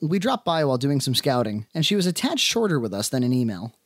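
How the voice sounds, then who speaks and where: An independent filmmaker narrating the making of his film in measured, wry first person. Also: mid-range voice, very animated, no echo, clean studio sound.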